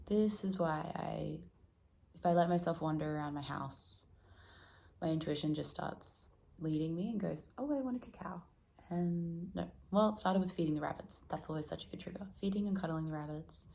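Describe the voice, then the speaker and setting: This woman speaks low and warm with some vocal fry, and a faint hiss or hum sits under the audio. Filming at home, she drifts through a laid-back, reflective vlog, laughing a lot and teasing herself.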